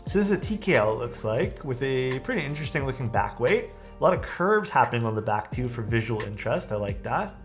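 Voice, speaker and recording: Easygoing male streamer with lively pitch. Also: quick pace, hardly any pauses, soft background music. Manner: enthusiastic, easygoing, lots of praise. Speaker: streamer reviewing viewers' keyboard photos. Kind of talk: casual live-stream commentary.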